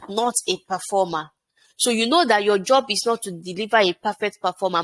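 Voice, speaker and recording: A woman gives a motivational public speaking lesson at a mid-range pitch. She hammers her points home through repetition and asks her listeners rhetorical questions, then answers them herself. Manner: emphatic, repeats phrases and asks rhetorical questions. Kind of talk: motivational teaching talk.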